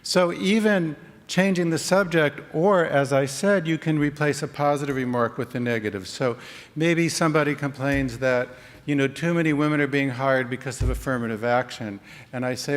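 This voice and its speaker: A man's voice: fairly high pitch, normal speed. A man giving a conference talk in a conversational way, acting out short example dialogues. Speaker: conference speaker. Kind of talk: conference presentation. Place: conference hall. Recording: long reverb of a hall.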